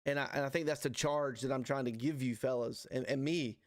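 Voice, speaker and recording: A man's voice: medium pitch, steady tone, a little fast, no room sound, studio quality. A man in his forties hosting a men's ministry livestream, teaching in an earnest, casual way with plenty of "dude" and "man.". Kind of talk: conversational faith teaching. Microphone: livestream microphone.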